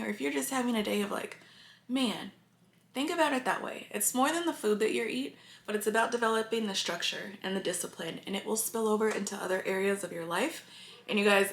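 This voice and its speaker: Woman vlogger, mid-pitch, confiding and teary, echoey room. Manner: earnest and confiding, addresses viewers often. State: emotional, near tears. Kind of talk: casual talk to camera.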